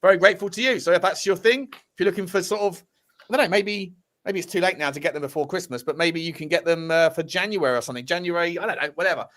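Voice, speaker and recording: A man's voice: high voice, quick pace, a bit bright. A man co-hosting a casual football podcast, talking in a chatty, rambling way. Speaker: podcast co-host.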